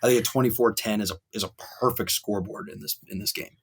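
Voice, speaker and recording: A young man co-hosting a sports podcast, ranting at length with animated wrestling and pop-culture riffs. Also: lowish voice, quick pace, slightly rough. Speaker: podcast co-host.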